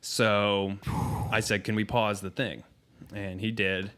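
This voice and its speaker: A man as a podcast guest, telling a candid, profane story in a casual, halting way with frequent ums. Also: on the low side, little pitch movement, a bit bright, clean tone.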